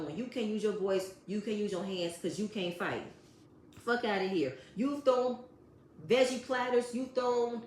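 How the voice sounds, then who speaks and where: A woman's voice: a little high, slight background noise. A woman giving a blunt, profane recap of a reality TV episode, talking straight at the cast members. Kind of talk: casual commentary recap. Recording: roomy echo.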